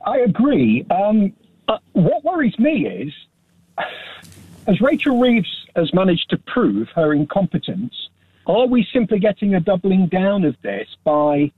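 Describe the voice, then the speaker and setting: A man's voice: high-pitched, sing-song, unhurried, a little hiss or hum. A man calling in to a radio phone-in who hesitates with fillers but states his opinions firmly. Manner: hesitant with many ums, then firm opinions. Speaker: caller. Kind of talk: phone-in call. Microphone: telephone. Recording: tinny phone line.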